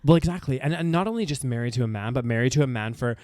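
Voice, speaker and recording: A man's voice: mid-range voice, animated, very fast, darkish tone, no echo, clean studio sound. A man co-hosting a podcast in casual chat, rambling and agreeable with lots of fillers. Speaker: podcast co-host.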